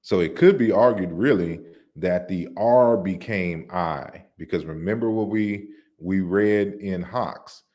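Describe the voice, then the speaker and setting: Slow, deep-voiced man explaining slides. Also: darkish tone. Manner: deliberate, explanatory, with many restarts and fillers. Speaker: lecturer on African languages. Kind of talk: online lecture walking through slides.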